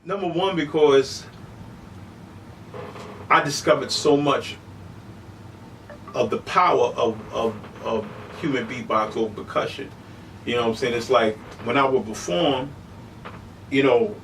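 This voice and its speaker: A middle-aged man telling stories as an interview guest, animated and casual, often saying "you know what I'm saying". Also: medium pitch, unhurried, pauses often, far from the mic, a little hiss or hum, low-quality recording. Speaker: human beatboxer, interview guest.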